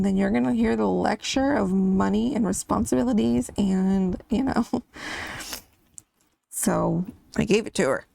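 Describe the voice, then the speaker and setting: A woman's voice: mid-range voice, gravelly, mellow, dry recording. A woman hosting a coloring channel, chatting casually and rambling about her family while she colors, laughing now and then.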